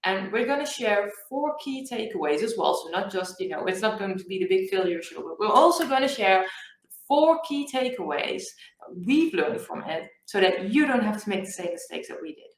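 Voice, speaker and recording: A woman co-hosting a business podcast in a relaxed, chatty way. She often restarts her sentences as she talks. Her voice sits mid-range and sounds roomy. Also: medium pitch, normal speed. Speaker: podcast co-host. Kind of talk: casual business podcast chat.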